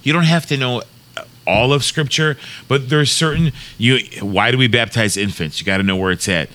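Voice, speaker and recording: A man co-hosting a casual chat about faith, earnest and emphatic, often repeating himself for weight. His voice has a bright, forward edge and sits at an average pitch. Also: moderate pace. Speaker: podcast co-host.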